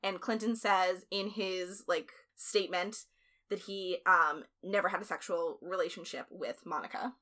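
A woman's voice: fairly low pitch, steady tone, measured pace, bright, forceful tone. A woman hosting a podcast, recounting events in a chatty, blunt way with lots of fillers and some swearing. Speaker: podcast host. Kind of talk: casual storytelling chat.

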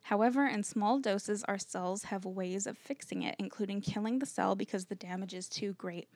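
A woman co-host reads her researched notes aloud in a steady, earnest way to her friends. Her voice sits at a middle pitch, and the recording is dry and close. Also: moderate pace, no echo. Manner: earnest, uses "like" when chatting. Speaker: podcast co-host. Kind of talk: reading researched notes to co-hosts.

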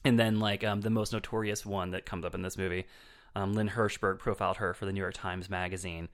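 A man's voice: low-pitched, flat delivery, fairly quick. A man reviewing films on a podcast in casual chat, rambling with lots of fillers and restarts.

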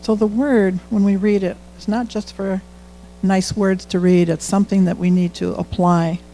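High-voiced man with gravelly fry. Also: level tone, normal speed, mellow, slight background noise, low-quality recording. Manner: conversational, candid, quotes own prayers aloud. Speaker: church speaker sharing testimony. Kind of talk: informal sermon testimony.

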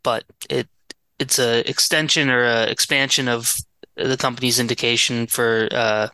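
A man running through the news items on a podcast, halting and casual, with many ums. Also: mid-range voice, fairly even intonation, bright, forceful tone, clean tone, no room sound, low-quality recording.

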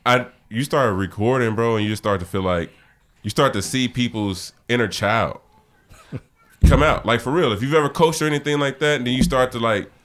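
A man's voice: medium pitch, normal speed, a bit bright. A man talking loosely and laughing as a podcast guest, telling stories about directing voice actors. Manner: laughing, storytelling, loose and profane. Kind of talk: casual podcast chat.

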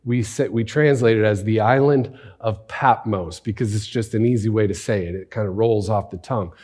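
This male pastor delivers an animated, conversational sermon packed with rhetorical questions. His pitch is medium, and now and then he drops to a hushed near-whisper for emphasis.

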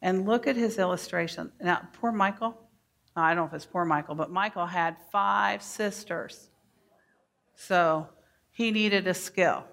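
A middle-aged woman giving a workshop to teachers, speaking deliberately and modeling phrases for the audience to repeat. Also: on the low side, creaky, a bit bright. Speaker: early childhood educator giving a workshop.

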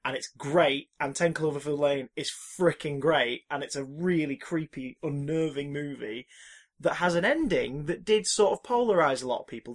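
Man, podcast co-host, casual film chat, animated, swears a lot, acts out reactions. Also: a little high.

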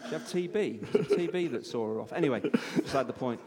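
A man's voice: medium pitch, lively intonation, fast talker, a little mellow, in a large hall, slight background noise. A man co-hosting a comic live podcast, rambling and self-deprecating, often breaking into giggles as he reads aloud. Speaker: podcast co-host reading aloud.

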